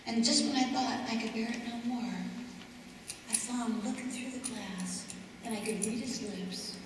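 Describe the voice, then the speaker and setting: A woman performing a dramatic monologue, telling a story in a measured, expressive, theatrical way to a live audience. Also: fairly high pitch, very noisy. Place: church hall, live audience. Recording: echoey hall from far off.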